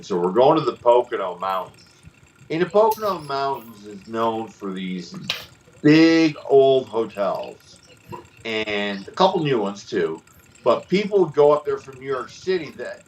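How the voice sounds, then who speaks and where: A man and former pro wrestler, co-hosting a show and telling stories in a casual, animated way, acting out other people's voices. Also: mid-range voice, far from the mic, slight background noise, low-quality recording. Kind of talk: casual storytelling.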